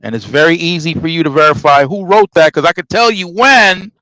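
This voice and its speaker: A man's voice: on the high side, fairly quick, sharp tone, dry recording, poor audio. A middle-aged man casually telling a story, emphatic and acting out the dialogue as he goes. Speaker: podcast host telling a trucking story.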